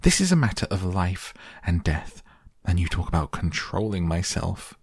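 A man's voice: low voice, very animated, normal speed, creaky, slightly rough, dry recording, clean studio sound, heavily acted. A man voicing a passionate eight-year-old farm girl who pleads and protests indignantly.

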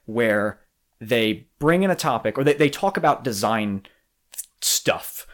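An easygoing podcast host leads a relaxed, casual conversation. His pitch swings around a lot, he laughs often, and he fills pauses with ums and uhs.

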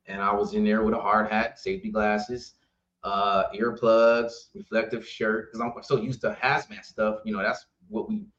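A man's voice: lowish voice, normal speed. A man, a trucking company owner, telling stories as a podcast guest, acting out the voices of the people in them and laughing often. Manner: animated storyteller, acts out dialogue, laughs often. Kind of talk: casual storytelling interview. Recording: roomy, slightly dull sound.

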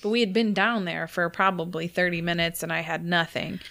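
Jokey chatty woman, bit low pitched, talking about ghost stuff. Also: steady tone, brisk, gravelly, a crowd in the background. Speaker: paranormal sensitive, co-host. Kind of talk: casual chat.

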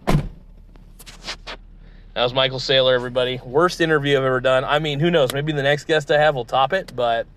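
A man's voice: mid-range voice, steady tone, normal speed, pauses often, fairly bright tone, a little hiss or hum. A man hosting a comedic mock interview from his car, exasperated and sarcastic, swearing casually. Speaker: host.

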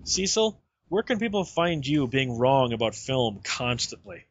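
A man's voice: medium pitch, big pitch swings, measured pace. A man hosting a film podcast, arguing his points emphatically. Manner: argumentative, emphatic. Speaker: podcast host. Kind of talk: film discussion.

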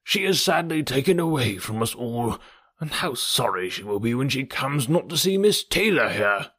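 A fussy, anxious old gentleman and father, as a man reads him aloud, sighing and fretting over his loved ones. His husky voice swings widely up and down, heard close and dry. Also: mid-range voice, sing-song, normal speed, no room sound. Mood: fretful. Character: fretful elderly fond father, gentleman. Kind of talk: audiobook reading.

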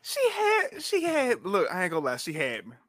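A man's voice: sits high, wildly swooping pitch, normal speed, fairly bright tone, slight background noise. A man co-hosting a casual podcast chat, blunt and profane, often laughing. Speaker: podcast co-host.

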